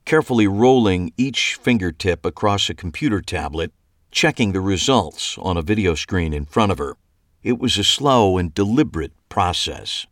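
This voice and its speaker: Low-voiced man narrating a wry crime novel. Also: dry recording, studio quality. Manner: wry, expressive storytelling. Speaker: audiobook narrator. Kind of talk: first-person novel narration.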